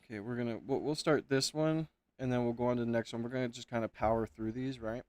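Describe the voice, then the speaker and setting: A man's voice: mid-range voice, fairly even intonation, fast talker, a little mellow. A man in his thirties hosting a casual livestream from home, rambling and frustrated, swearing and then correcting himself. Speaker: livestream host. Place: home room. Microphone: webcam setup at home.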